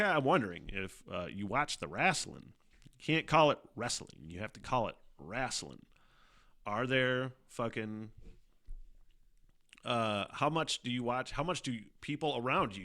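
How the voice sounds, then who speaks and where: A man's voice: mid-range voice, bright, forceful tone. A man hosting his own podcast, talking in a casual, rambling monologue full of profanity, fillers and laughter. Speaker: podcast host.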